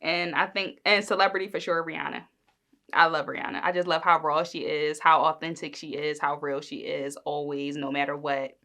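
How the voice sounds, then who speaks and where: A woman's voice: low voice, little pitch movement, moderate pace, pushed and bright. A young adult woman hosting a podcast, chatting casually and rambling, with lots of fillers and "like"s. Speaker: podcast host. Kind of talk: casual solo podcast chat.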